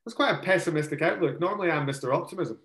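A man's voice: on the high side, rapid-fire, fairly bright tone, reverberant. A British man co-hosting a casual political chat, chatty and self-mocking. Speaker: podcast co-host.

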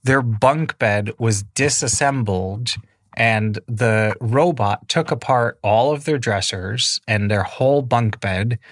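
A man's voice: medium pitch, no room sound, clean studio sound. A man improvising a children's bedtime story in a casual, rambling way with many fillers.

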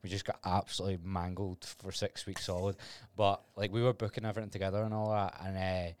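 A young Glaswegian man, a podcast guest, telling animated stories with plenty of swearing and laughter. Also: low-pitched, fast, clean tone, no echo. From Scotland. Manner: animated storyteller, swears freely, laughs often. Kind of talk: casual chat.

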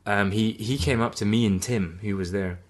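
A man's voice: on the low side, normal speed. A young man in casual podcast chat, telling rambling stories. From Scotland. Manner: rambling anecdotal storytelling.

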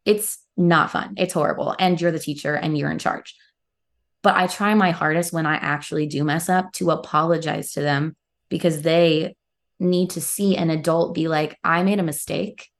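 Low, gravelly young woman. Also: fairly even intonation. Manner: earnest, quick bursts with laughs. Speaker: guest actor. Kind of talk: casual podcast interview.

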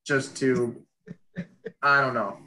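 A man's voice: mid-range voice, fairly even intonation, takes it slowly, pushed and bright, a little hiss or hum, poor audio. A man from Kansas, a podcast co-host and sports reporter, telling a rambling story in casual chat with many fillers.

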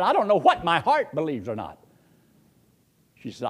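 Speaking at a moderate pace, an older preacher delivers a folksy, story-driven sermon. When excitement takes him his husky voice leaps upward, and it sinks low whenever he quotes someone else.

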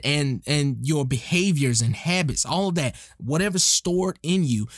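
A man's voice: medium pitch, no room sound, clean studio sound. A man hosting a motivational podcast, talking earnestly and emphatically and repeating his key lines for effect. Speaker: podcast host.

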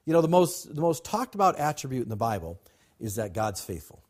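Male pastor, husky voice, emphatic preaching with call and response. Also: medium pitch, big pitch swings, a little fast. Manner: emphatic, repetitive, calls to the congregation. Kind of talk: sermon.

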